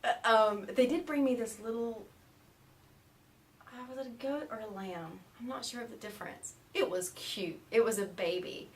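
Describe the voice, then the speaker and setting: An American woman telling stories in a casual interview, animated and laughing often as she mimics the people she met. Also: fairly high pitch, moderate pace, far from the mic. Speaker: interview guest.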